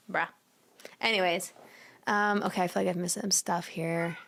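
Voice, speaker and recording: A woman's voice: lowish voice, fairly even intonation, moderate pace, creaky, a bit bright. A young woman casually chatting with viewers on a livestream from home, giggly and slangy, often cooing at her cat. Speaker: livestream host.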